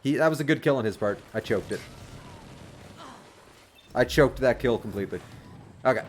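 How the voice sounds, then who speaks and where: A man streaming a video game, chatting casually with lots of fillers and sudden excited outbursts. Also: mid-range voice, normal speed, slight background noise. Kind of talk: casual livestream commentary. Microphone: desk microphone.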